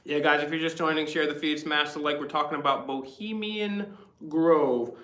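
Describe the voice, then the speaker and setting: A man's voice: a little high, fairly even intonation, moderate pace, sharp tone, echoey room. A man hosting a casual livestream chat, rambling and reading viewer comments aloud. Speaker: livestream host.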